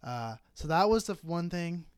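A man's voice: a little high, animated, moderate pace, smooth, dry recording, studio quality. A young man from the Bay Area, a comedian co-hosting a podcast, telling a long, profane, rambling story in casual chat. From San Francisco Bay Area. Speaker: podcast co-host and stand-up comedian. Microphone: close podcast mic.

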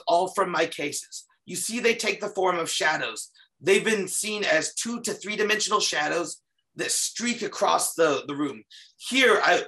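Bright-voiced man presenting ghost footage. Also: a little high. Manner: earnest, restarts often, walks through footage. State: slightly losing his voice. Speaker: paranormal investigator guest. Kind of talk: casual podcast presentation.

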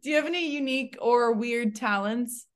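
A young woman hosting a podcast interview, upbeat and asking quick follow-up questions. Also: fairly high pitch, clear, resonant tone. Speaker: podcast host. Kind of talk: casual interview.

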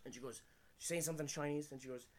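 Fast-talking rambling comedian guy. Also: on the high side, fairly even intonation, a little mellow. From Pennsylvania. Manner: rambling, crude, self-deprecating anecdotes. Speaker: comedian guest. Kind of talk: casual podcast storytelling. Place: indoors room.

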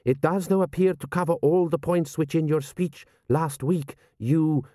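A man voicing a shrewd, measured general. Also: on the high side, warm tone, no room sound, studio quality, voice pushed up, close to an everyday voice.

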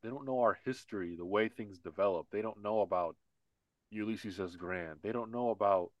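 A man's voice: on the low side, moderate pace, dry recording, dull audio. A man co-hosting a casual political podcast, talking in a heated, repetitive rant. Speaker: podcast co-host.

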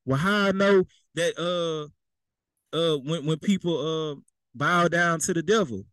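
Male preacher, AAVE, loose street-talk sermon, fairly high voice, dry close recording. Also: slow pace, fairly bright tone, clear, resonant tone, no room sound, rough recording. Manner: conversational, repeats words, folksy slang. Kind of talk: casual sermon.

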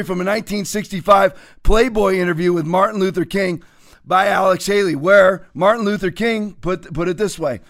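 Mocking high-voiced male commentary host. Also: a little fast, creaky. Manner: mocking, sarcastic, laughs often. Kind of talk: political commentary show.

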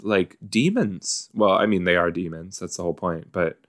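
A man's voice: low voice, moderate pace. A man hosting a casual watch-along podcast, reacting chattily to a show with lots of likes and you-knows. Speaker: podcast host reacting to an episode.

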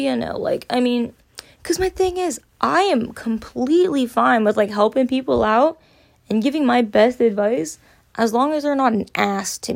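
A young woman with a slightly high voice and vocal fry tells a casual, rambling story as a podcast host. She leans heavily on fillers, saying "like" constantly, and swears loosely.

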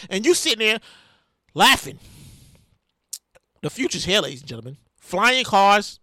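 A high-pitched man hosts a solo podcast into his microphone at home, swinging his voice wildly up and down as he rambles and bursts into shouts. His tone is bright and sharp, and the room sound is close and dry. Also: big pitch swings, normal speed, long pauses, no echo. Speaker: podcast host.

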